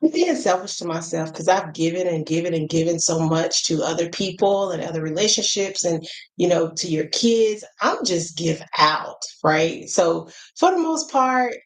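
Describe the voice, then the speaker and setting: A woman's voice: fairly low pitch, lively intonation, moderate pace, poor audio. A middle-aged American woman with an African American English accent, giving frank, chatty advice straight to the camera with lots of asides and fillers. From United States. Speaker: travel vlogger. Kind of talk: casual advice chat to camera.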